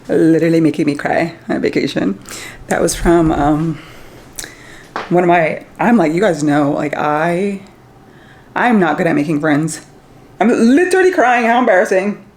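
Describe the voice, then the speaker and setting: A woman's voice: low voice, steady tone, unhurried, pauses often, slight background noise. A woman in her thirties vlogging from a hotel room, talking casually to her viewers in a chatty, rambling way full of fillers. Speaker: travel vlogger. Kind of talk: casual vlog talk to camera.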